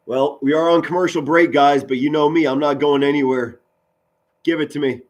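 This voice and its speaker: Excitable man calling football play-by-play. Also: normal speed. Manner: excitable, pitch rising on big plays, stumbles and repeats words. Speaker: amateur play-by-play commentator. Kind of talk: live play-by-play commentary with chat.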